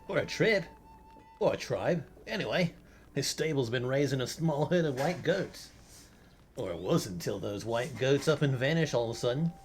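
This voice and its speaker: A man reading a game character's lines in a put-on Australian accent, lively and a bit higher than his own voice. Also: lightly acted. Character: chatty male game character, Australian twang. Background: game music.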